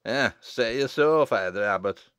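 A man's voice: mid-range voice, animated, unhurried, fairly bright tone, clear, resonant tone, dry recording, clean studio sound. A man voicing a blunt rustic young man, speaking in a challenging way.

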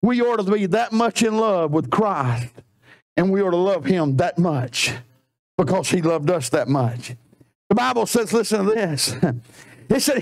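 High-voiced preacher. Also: male voice, animated. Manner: impassioned, drawls scripture slowly, breaks into shouts. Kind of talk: sermon. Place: church sanctuary.

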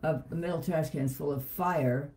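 A woman with a mellow, slightly hoarse voice who talks in a chatty, rambling way. She tells stories in loose, meandering sentences in casual conversation. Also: low voice, measured pace. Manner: chatty, rambling storyteller, laughs easily. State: hoarse, a frog in her throat. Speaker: co-host. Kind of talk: casual chat.

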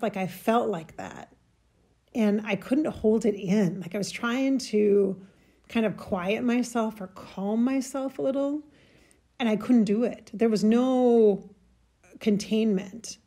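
Woman, husky breathy voice, warm mellow tone, emotional halting storytelling, choked up. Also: a little high. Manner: emotional, halting, searching for words. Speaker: spiritual channel host. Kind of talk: personal spiritual storytelling.

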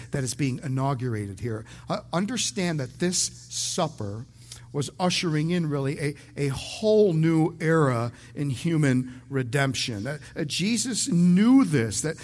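A male pastor preaching verse by verse in a conversational way, often repeating words as he starts a sentence and slipping in light jokes. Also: on the high side. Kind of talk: verse-by-verse sermon.

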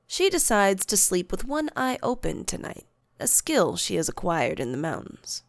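A woman narrating a tabletop adventure like a storybook, expressive and unhurried. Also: mid-range voice, creaky, no room sound, clean studio sound. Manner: slow, expressive telling with character voices. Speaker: game master narrator.

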